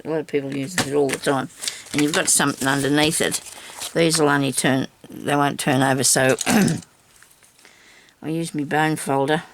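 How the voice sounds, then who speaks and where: With a noisy background behind her, a woman speaks in a low-pitched, steady tone at normal speed. She films a crafting tutorial, chatting casually to herself and viewers while working and teasing herself with little laughs.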